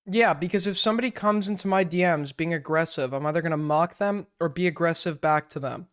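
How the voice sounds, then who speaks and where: A man's voice: on the high side, fairly quick, a bit bright. Sarcastic man streaming, blunt and sweary. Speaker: streamer reacting to videos. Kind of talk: casual live-stream commentary.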